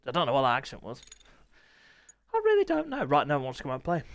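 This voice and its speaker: A man commentating a sim motorbike race live, excitable, jokey and self-mocking, his voice a little hoarse. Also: mid-range voice, a little hiss or hum. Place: small home room called a commentary box.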